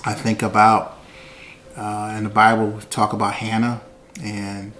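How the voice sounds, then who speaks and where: A man speaking about his wife and faith in a halting, relaxed testimony, filled with "you know". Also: fairly low pitch, a little hiss or hum. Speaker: husband sharing faith story. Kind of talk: personal testimony. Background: soft guitar music.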